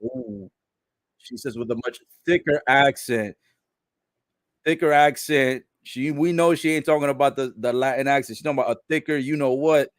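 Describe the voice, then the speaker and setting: A man giving a casual live recap of a wrestling show, relaying what is said in the ring and reacting with laughs and loud exclamations. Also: medium pitch, moderate pace, no echo, studio quality. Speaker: live wrestling watch-along commentator.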